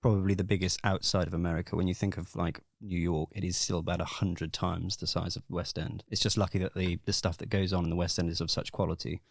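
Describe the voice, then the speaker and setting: Posh English male co-host, low and chatty, dry recording. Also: level tone, fast, vocal fry, hardly any pauses, no room sound. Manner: talkative, thinking aloud. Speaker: podcast co-host. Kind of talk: casual chat.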